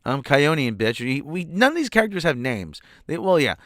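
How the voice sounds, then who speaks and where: A sarcastic, exasperated man tears into a show he is reviewing, swearing freely. His pitch swings widely as he rants. The sound is dry and close, with no room around him. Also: very animated, moderate pace, fairly bright tone, dry recording. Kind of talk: ranting commentary.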